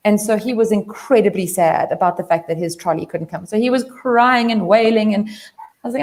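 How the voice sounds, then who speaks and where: A woman's voice: medium pitch, lively intonation, moderate pace, darkish tone. A woman from South Africa in casual panel chat, talking earnestly in long rambling stretches with many fillers and restarts. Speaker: panel member. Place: video call.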